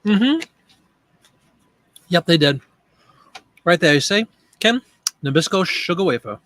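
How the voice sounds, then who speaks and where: A man's voice: high voice, animated, slow pace, fairly bright tone, no room sound. A man hosting a casual live stream, thinking aloud as he works and chatting with viewers by name. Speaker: live-stream host and online seller.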